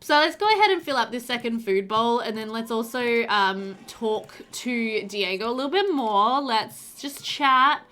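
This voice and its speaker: A woman's voice: fairly high pitch, animated, measured pace, few pauses, pushed and bright. A young woman casually commenting on her life-sim gameplay, chatty and doting, cooing over the pets with frequent laughter. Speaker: let's play host.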